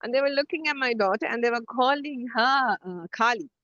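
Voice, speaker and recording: Middle-aged woman co-host, chatty animated storyteller, slightly high voice, dry dull lo-fi sound. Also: a little fast, no room sound. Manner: animated storytelling with many restarts. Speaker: podcast co-host. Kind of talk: casual conversation.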